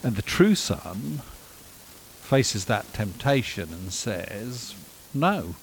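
A man delivering a sermon, animated and emphatic, with dry self-deprecating humor. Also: lowish voice, slow, gravelly, a little hiss or hum, rough recording. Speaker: preacher.

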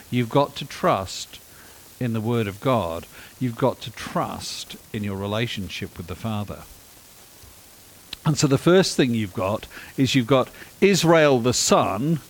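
A man delivering a sermon, animated and emphatic, with dry self-deprecating humor. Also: mid-range voice, low-quality recording. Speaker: preacher.

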